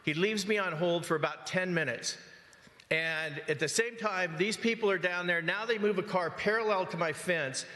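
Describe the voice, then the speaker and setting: Speaking in public comment, a resident tells the council an upsetting story, agitated and forceful, with frequent interjections of "okay?". He has a high-pitched, bright voice at normal speed, and the council chamber gives it a long hall reverb.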